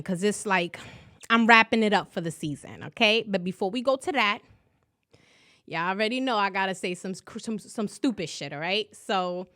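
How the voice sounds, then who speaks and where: A woman hosting her own podcast, talking loudly and profanely in a casual, animated solo monologue full of slang. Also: medium pitch. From New York. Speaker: podcast host.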